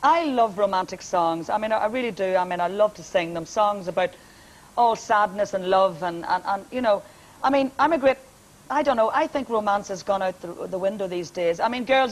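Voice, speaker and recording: A woman with a Northern Irish accent and a deep, powerful speaking voice, chatting and joking as a TV guest with a hearty laugh. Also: fairly quick, low-quality recording. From Northern Ireland. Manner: hearty, laughs often, comic storyteller. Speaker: singer and guest. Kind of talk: joking TV chat.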